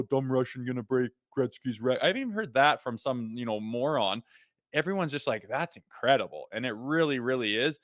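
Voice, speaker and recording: A man's voice: medium pitch, no echo, studio quality. A Canadian man in his thirties, a former player co-hosting a casual hockey podcast, telling stories and acting out what people said. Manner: animated storytelling, acts out quotes. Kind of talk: casual sports podcast chat.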